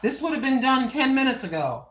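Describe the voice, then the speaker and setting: A woman's voice: high voice, very animated, brisk, a bit bright, poor audio. An older American woman chatting casually and rambling to her viewers at home. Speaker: vlogger. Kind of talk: casual chat.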